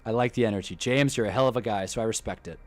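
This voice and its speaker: A young man hosting a casual live stream, talking in an animated, swearing rant. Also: lowish voice, very fast. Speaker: livestream host. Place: indoors at a green screen.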